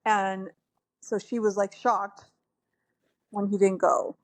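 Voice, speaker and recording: A woman's voice: medium pitch, level tone, slow pace. A woman co-hosting a casual podcast chat about reality TV, opinionated and emphatic, laughing often. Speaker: podcast co-host.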